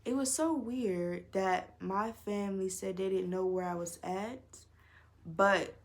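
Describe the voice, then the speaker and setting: Young woman vlogger doing storytime, cussing a lot, middle pitch, gets loud then drops to a mutter. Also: slow pace. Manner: animated, profane, swinging between loud outbursts and low mutters. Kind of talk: casual storytime.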